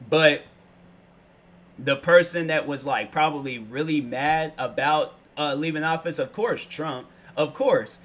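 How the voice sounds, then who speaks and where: A young man talks straight through a casual solo vlog, slangy and rambling, often losing his train of thought. His voice sits a bit high with a bright, forceful edge. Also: unhurried, a little hiss or hum. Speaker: show host.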